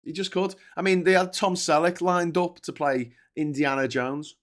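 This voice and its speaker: A man's voice: fairly high pitch, steady tone, moderate pace, fairly bright tone. A man with a posh Scouse accent hosting a live political stream, talking casually with lots of swearing and restarts while he reads out and answers chat messages. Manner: rambling, sweary, stop-start with many restarts. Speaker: political livestream host.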